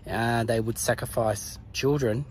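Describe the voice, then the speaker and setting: A man's voice: medium pitch, steady tone, unhurried, a little mellow, slightly rough. A man narrating a casual travel vlog outdoors at a pyramid site, chatty and laughing often, out of breath from the climb. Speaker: travel vlogger.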